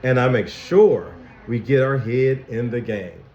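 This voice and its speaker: A man voicing Anger, a gruff and growly grumpy emotion character from a children's picture book, read aloud with slow, heavy emphasis. The sound is a bit dull and echoey, as in a plain room with a modest mic. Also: medium pitch, slight background noise, lightly acted.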